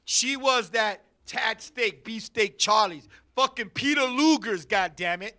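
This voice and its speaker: High, bright-voiced man telling a story. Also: measured pace. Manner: animated, loud bursts, laughing asides. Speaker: podcast host. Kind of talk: comedic storytelling. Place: studio.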